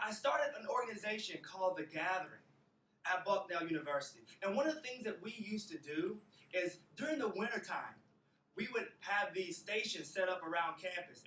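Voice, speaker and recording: A man's voice: high voice, pushed and bright, a little hiss or hum. A young man from Alabama with a Southern accent, giving a motivational talk to university students with a preacher-like cadence and emphatic repetitions. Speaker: motivational speaker. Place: university auditorium. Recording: roomy hall, picked up from a distance.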